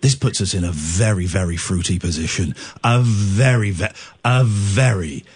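A man's voice: deep voice, moderate pace, slightly rough. A man hosting a late-night radio phone-in, jokey and rambling, full of restarts. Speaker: radio host. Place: radio studio.

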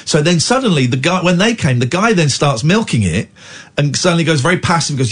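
A man hosting a radio show talks through a rough night with raw, animated feeling. His voice is husky and swings widely in pitch as he piles up restarts and repeats himself. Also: a little fast. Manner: emotional, animated retelling with restarts. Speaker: radio host. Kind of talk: candid storytelling chat.

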